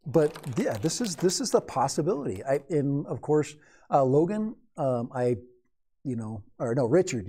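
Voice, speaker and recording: A man's voice: medium pitch, mellow. A man in his fifties hosting a casual live stream, rambling and joking with viewers in chat as a hobby drone pilot. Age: 50s.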